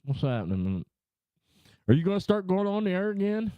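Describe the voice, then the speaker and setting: A middle-aged man hosts a livestream from a room at home, ranting and chatting casually with his viewers in a profane, rambling, worked-up way full of swearing. His voice is high-pitched with big pitch swings, fairly quick, and clear with a resonant tone. The sound is lo-fi but has no echo.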